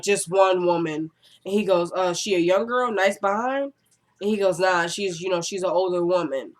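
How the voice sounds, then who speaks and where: Chatty woman recapping a TV episode. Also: lowish voice. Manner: chatty, acts out the characters' lines in quick quotes; exasperated asides.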